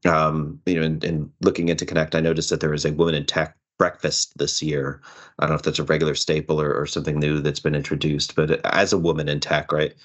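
A man's voice: very deep voice, little pitch movement, fast talker. A man hosting a podcast, friendly and encouraging as he interviews his guest. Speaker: podcast host. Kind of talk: podcast conversation.

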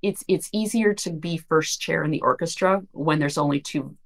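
A woman with a low-pitched voice co-hosts a podcast, speaking at normal speed in a casual discussion of search marketing news. She gives long, thoughtful explanations and often begins her sentences again.

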